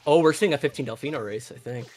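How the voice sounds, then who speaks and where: A man's voice: medium pitch, fast, a little mellow. A man casually commentating a live video game race, analytical and chatty with lots of filler words. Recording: faint music behind.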